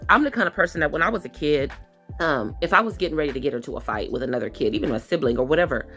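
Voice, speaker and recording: A woman's voice: low voice, expressive, racing, fairly bright tone, faint music behind. A woman hosting a podcast, speaking about her own experiences in an emphatic, confrontational way that repeats its points and is sometimes close to tears. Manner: emphatic, repetitive and confrontational, at times tearful. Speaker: podcast host. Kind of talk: personal testimony monologue.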